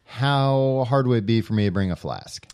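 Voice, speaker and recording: A man co-hosting a podcast, trading deadpan jokes in casual chat. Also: medium pitch, moderate pace, smooth, no room sound, studio quality. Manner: joking, deadpan quips. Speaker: podcast co-host.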